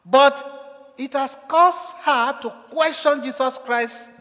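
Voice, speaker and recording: A man's voice: very high voice, slow pace, bright, forceful tone. A man preaching a sermon as pastor, with emphatic delivery that acts out quoted cries with rising force. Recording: echoey hall.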